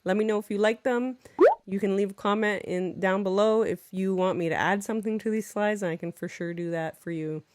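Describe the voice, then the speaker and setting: A woman teacher giving an unscripted walkthrough of her classroom games. She talks in a chatty, playful way, drops in quick French examples, and teases herself in small asides. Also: medium pitch, no room sound, studio quality. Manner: jumps into lively French examples while explaining.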